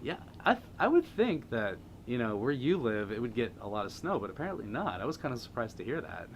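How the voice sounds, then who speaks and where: Animated laughing male stream host. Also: medium pitch, a little fast, a little hiss or hum. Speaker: livestream host. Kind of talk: casual livestream chat, reading viewer comments.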